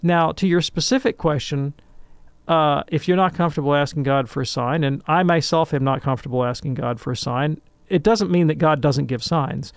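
A man in a call-in radio discussion, answering a listener's question in an animated, lecturing way and checking in with "right?". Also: fairly high pitch, moderate pace, no room sound.

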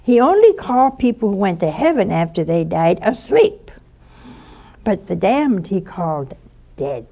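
A woman delivers a spoken sermon in a mellow, gravelly voice. She tells her story vividly and acts out the voices of the people she quotes. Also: mid-range voice, big pitch swings, a little slow.

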